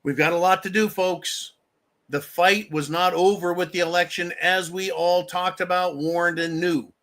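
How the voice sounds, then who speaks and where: A man hosts a live stream in a bright, forceful voice, sitting a little high for a man. He rants with anger and constant profanity. He breaks off to thank viewers for donations. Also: fairly even intonation, unhurried. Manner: angry, heavily profane. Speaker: livestream host. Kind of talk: political rant on a live stream.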